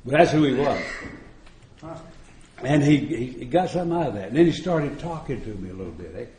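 A man's voice: mid-range voice, expressive, a little fast, warm tone. Folksy man telling stories in an echoey room. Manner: folksy, joking, chuckles often. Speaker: AA retreat speaker. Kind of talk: storytelling recovery talk.

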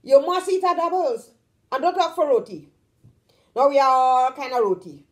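A Trinidadian woman hosts her own vlog, chatting casually to the camera in a high voice at a normal speed. She speaks emphatically, drawing out the words she stresses, and keeps asking "you understand?"

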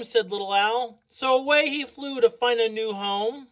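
Slow, expressive woman reading to children. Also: a little high, low-quality recording. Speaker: children's book reader. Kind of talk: read-aloud storytelling for children.

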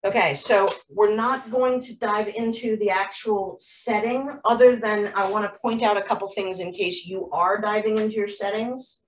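A woman's voice: medium pitch, fairly even intonation, normal speed, few pauses, far from the mic, poor audio. A woman teaching a jewelry-making class over a video call, explaining chattily with frequent ums and restarts. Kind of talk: live online class instruction.

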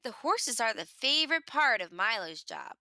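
A woman reading a children's picture book aloud in an expressive storytelling manner, making the animal sounds herself. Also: fairly high pitch, moderate pace, no room sound.

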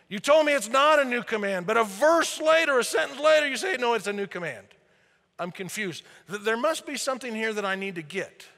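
A man preaching a sermon as pastor, animated, swinging between loud emphasis and quiet asides. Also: high-pitched, a little fast, big-room sound. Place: church sanctuary.

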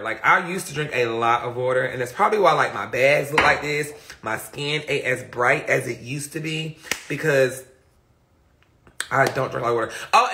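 A man live-streaming casually, telling stories to viewers in a sassy, dramatic way. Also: mid-range voice. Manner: animated, dramatic storytelling with lots of laughing; sassy, slangy, talks straight to viewers. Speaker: livestreamer.

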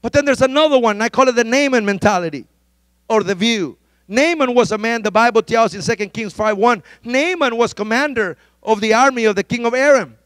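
High-voiced fervent male preacher. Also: brisk, no echo. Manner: fervent, emphatic preaching with repeated exhortations; rises to shouted pleas. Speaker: pastor. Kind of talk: sermon.

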